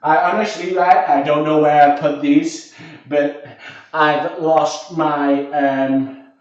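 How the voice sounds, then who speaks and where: A man with a Yorkshire accent hosts a casual cooking livestream, rambling and talking to himself while he hunts around his kitchen. His voice is on the high side, flat, and slow, and the recording is very echoey, off-mic, and dull.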